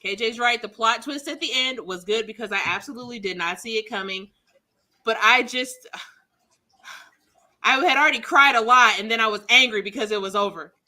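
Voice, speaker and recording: A woman's voice: on the high side, moderate pace, bright, forceful tone. A woman co-hosting a casual podcast, ranting dramatically and animatedly. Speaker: podcast co-host. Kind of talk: casual chat.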